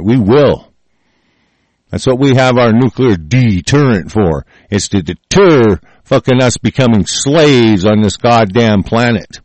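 A man in a profane, furious rant reacting to the news, full of halting restarts. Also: on the low side, darkish tone, no echo.

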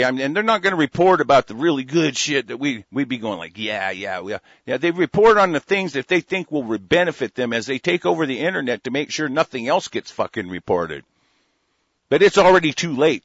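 Pissed-off guy ranting and cussing, tense sharp voice, kinda high, dull dry recording. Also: lively intonation, brisk, no echo. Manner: furious, profane, shouting insults. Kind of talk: angry political rant.

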